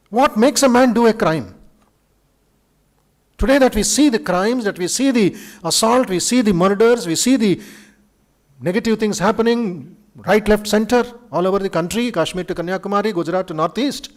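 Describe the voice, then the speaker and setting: A monk with an Indian English accent giving a lively spiritual lecture to students in a university auditorium, telling stories with dramatic flair. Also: male voice, high voice, moderate pace, long pauses. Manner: animated storyteller, acts out quoted speech, chuckles.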